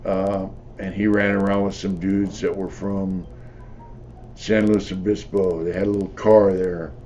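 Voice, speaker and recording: A man's voice: low-pitched, level tone, unhurried, mellow, a little hiss or hum. An older man, a former prisoner, telling his stories in a blunt, profane, rambling way with lots of "you know.". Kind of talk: casual storytelling.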